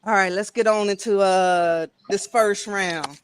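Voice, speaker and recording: A woman hosting an online poetry open mic, calling up performers with drawn-out, encouraging hype. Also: medium pitch, fairly even intonation, a crowd in the background. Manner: hyping up performers, drawn-out calls. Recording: audible background noise.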